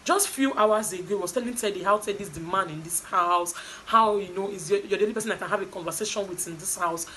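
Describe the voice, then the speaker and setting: A woman's voice: medium pitch, fast, hardly any pauses, slight background noise, low-quality recording. A young adult woman with a Nigerian accent, animatedly recapping a reality show in casual gossip style. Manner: animated, chatty storytelling with asides.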